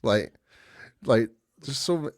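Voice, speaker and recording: A man's voice: medium pitch, expressive, slow, a little mellow, no echo, clean studio sound. A man co-hosting a casual sports podcast, talking loosely and poking fun at himself. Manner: chatty, loose, self-deprecating. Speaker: podcast co-host.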